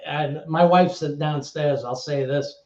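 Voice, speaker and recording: A man with a New York accent, a former club DJ telling stories as an interview guest, animated and swearing freely. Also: fairly high pitch, slight background noise. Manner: animated, swearing storyteller with quick restarts. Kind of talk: casual storytelling interview. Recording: echoey room, dull lo-fi audio.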